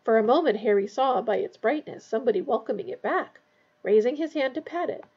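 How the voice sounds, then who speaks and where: A woman narrating a fantasy novel aloud in a tense, hushed storytelling manner. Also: a little high, expressive, fairly quick, slightly rough, muffled recording. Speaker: audiobook reader.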